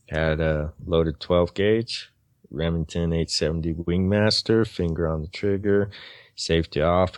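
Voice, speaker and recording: A man in his forties speaks as a podcast guest, recounting his own story with earnest, halting phrasing and frequent restarts. His voice sits very low. The sound is close and dry, with no room around it. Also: no echo. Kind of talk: personal story in a podcast interview.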